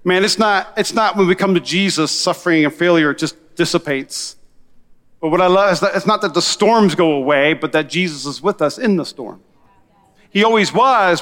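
A man preaching a sermon as pastor, energetic and conversational, calling out to his congregation. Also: sits high, big-room sound.

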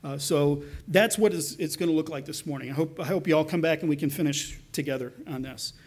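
A man preaching a sermon with a fairly high voice. He talks in an easy, conversational way, breaking off to restart phrases and putting rhetorical questions to his listeners. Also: brisk, darkish tone. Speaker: pastor.

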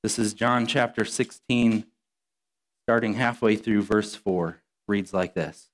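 A man's voice: lowish voice, slow pace. Stuffy-voiced man preaching a sermon. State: stuffy from a cold. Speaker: pastor. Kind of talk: sermon with scripture reading.

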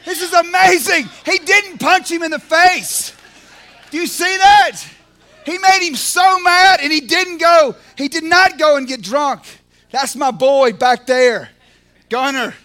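A man preaching passionately on a podcast, swinging from hushed prayer to shouted excitement, full of restarts and "man" and "you know.". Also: extremely high pitch, slow pace. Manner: repeats words and restarts, casual fillers like man and you know. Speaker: podcast speaker at a recovery ministry. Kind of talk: impassioned preaching.

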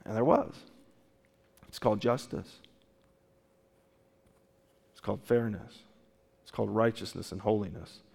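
A man preaches a sermon in a fairly low voice that rings out with long reverb in a church hall. He leans on rhetorical questions, stumbling and restarting as he presses each point. It is the plain, earnest delivery of a congregation's pastor. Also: a little slow, vocal fry, long pauses, darkish tone, breathy edge.

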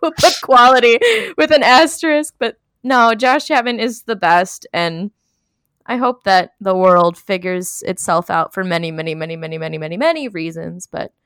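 A woman co-host chats and gushes with lots of giggles, her mid-pitched voice sitting close and dry on the mic. She sounds effusive and casual. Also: moderate pace, a bit bright, smooth, dry recording. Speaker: podcast co-host. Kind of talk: casual chat.

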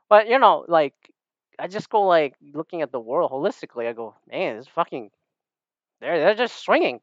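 A man talking casually and at length, rambling and animated and swearing freely. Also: mid-range voice, no echo, muffled recording. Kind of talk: casual opinion monologue.

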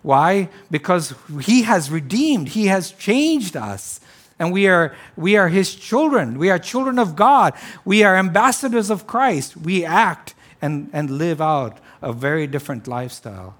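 Preaching man, loud and hushed by turns. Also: big pitch swings, a little slow. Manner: swings between loud exclaiming and low quiet passages; frequent "right?" asides, repeats and restarts. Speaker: pastor. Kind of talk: sermon.

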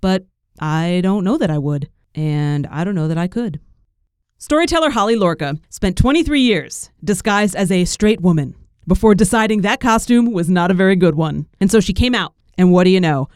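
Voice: mid-range voice, expressive, moderate pace, darkish tone, clean tone, no room sound, studio quality. A podcast host introducing stories in a wry, conversational way. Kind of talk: scripted introduction.

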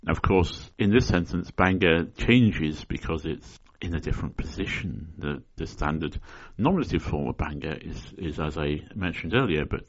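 Man, very low voice, dry mock-scholarly solo podcast host, dull lo-fi sound. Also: normal speed, hardly any pauses, slightly rough. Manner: deadpan mock-scholarly, tongue-in-cheek. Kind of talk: solo spoken explainer.

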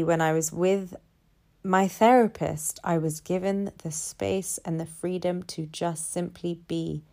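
A woman with a notably deep, low voice talks through a personal reflection. Her delivery is calm and measured, and she stacks her points in repeated phrases. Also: gravelly.

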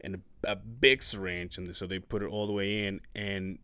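A man co-hosting a podcast, telling a story casually in halting bursts with restarts and swearing, emotional as he talks. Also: sits low, fairly even intonation, sharp tone, smooth, no echo. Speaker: podcast co-host.

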